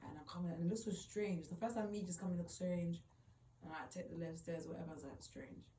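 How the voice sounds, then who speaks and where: Woman, personal storytelling, mellow voice, roomy echo, distant mic, faint background hum. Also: lowish voice, brisk. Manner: emotional, rambling retelling full of "like". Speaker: vlogger.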